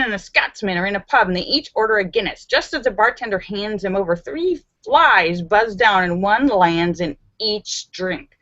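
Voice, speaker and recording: A Los Angeles woman with a medium-pitched, fairly bright voice hosts a live stream, reading out viewer jokes and laughing at the punchlines. The home recording is dull and dry, with no echo.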